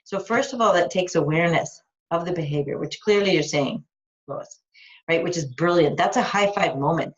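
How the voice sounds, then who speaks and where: Woman life coach, lower register, upbeat and blunt with casual swearing, dull lo-fi call audio. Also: moderate pace. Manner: enthusiastic, frank, swears casually. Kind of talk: live coaching call, answering a listener's question. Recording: dull lo-fi recording.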